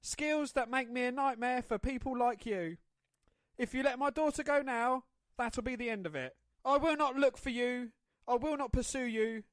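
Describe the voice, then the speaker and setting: A man doing an impression of a grim middle-aged man delivering a cold, deliberate threat. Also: very high-pitched, dry recording, pitched above the performer's own voice. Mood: menacing. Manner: slow, menacing, deliberate delivery.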